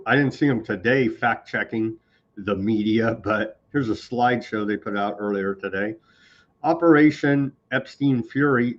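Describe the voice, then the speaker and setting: A man hosting a live news show, reading posts aloud and commenting with sarcasm and indignation. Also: mid-range voice. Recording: slightly dull lo-fi sound.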